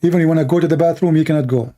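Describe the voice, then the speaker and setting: A man hosting a livestream, preaching in short emphatic phrases, his voice worn and going hoarse. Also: fairly high pitch, racing, mellow. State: losing his voice. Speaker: livestream host. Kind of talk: impassioned preaching monologue.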